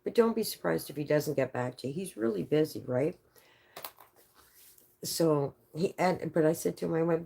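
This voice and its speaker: A woman from Canada telling a rambling, profane story live to an audience, full of quick asides. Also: low voice, vocal fry, warm tone.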